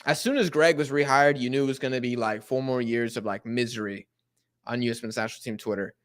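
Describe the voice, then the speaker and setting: A man's voice: mid-range voice, fast talker. A young American man casually chatting on a live soccer watch-along stream, reading out viewer messages in a loose, slangy way. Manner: animated, slangy, reading chat aloud.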